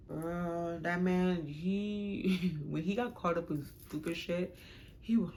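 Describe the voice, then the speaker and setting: A young woman casually telling a storytime vlog about her relationship, animated and dramatic, with sudden high jumps when she acts out arguments. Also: slow. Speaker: vlogger.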